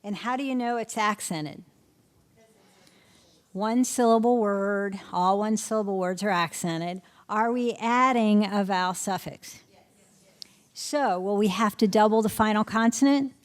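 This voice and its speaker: A middle-aged woman leads a spelling lesson for teachers. Her voice sits at a medium pitch. She keeps firing short questions at the room and often answers them herself. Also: unhurried. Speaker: literacy instructor.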